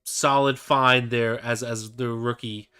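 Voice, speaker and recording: Male podcast co-host, bright and crisp, relaxed football banter full of restarts. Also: mid-range voice. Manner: easygoing, halting with fillers and restarts. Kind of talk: casual sports podcast chat.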